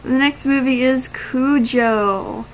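A woman's voice: high-pitched, takes it slowly, slight background noise, poor audio. A woman vlogger chatting casually and enthusiastically, gushing and laughing often. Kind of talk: casual movie-review chat.

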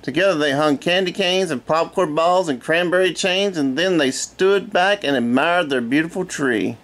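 A man's voice: fairly high pitch, moderate pace. Middle-aged man reading a storybook aloud. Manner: relaxed, with chatty asides.

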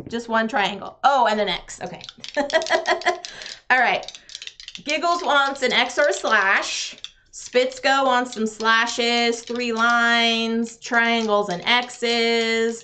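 A woman's voice: fairly high pitch, a bit bright. A woman, chatting with viewers while playing a roll-and-write game on a live stream, laughing often.

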